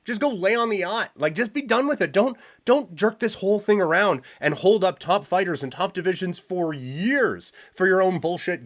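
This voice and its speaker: Guy venting on his podcast, fed up, tripping over his words, voice on the higher side. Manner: exasperated, ranting, frequent restarts. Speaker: podcast host. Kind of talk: solo podcast commentary.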